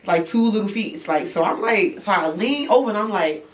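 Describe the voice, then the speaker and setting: A young woman from New York, casually telling a story, animated and swearing, acting out the voices. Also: medium pitch, fairly quick. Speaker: rapper. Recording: distant mic, background noise.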